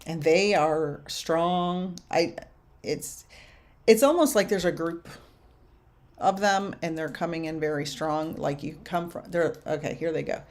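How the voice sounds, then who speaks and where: Slow-speaking older woman medium. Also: on the low side. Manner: slow, musing, relays messages with soft laughs. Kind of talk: livestream reading, answering viewer questions.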